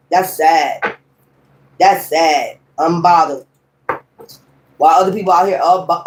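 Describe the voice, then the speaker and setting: A woman's voice: fairly low pitch, a little mellow, a little hiss or hum. A woman in her fifties giving a tarot reading, talking in a blunt, heated and profane way. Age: 50s. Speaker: tarot reader. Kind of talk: tarot reading with ranting commentary.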